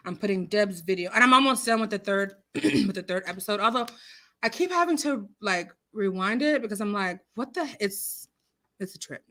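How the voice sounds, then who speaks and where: On a casual livestream, a woman with a mid-range voice reads viewer comments aloud fairly quickly, sounding animated, bright and forceful. She rambles, giggles and chats with plenty of fillers, and she talks with her hands.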